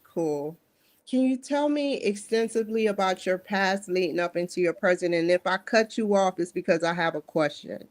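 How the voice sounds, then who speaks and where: A woman's voice: fairly low pitch, normal speed. Woman hosting an interview show. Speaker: host.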